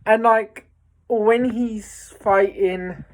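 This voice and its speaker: A woman's voice: medium pitch, fairly even intonation, very slow. A woman giving a casual, enthusiastic spoken film review, rambling with lots of fillers and restarts.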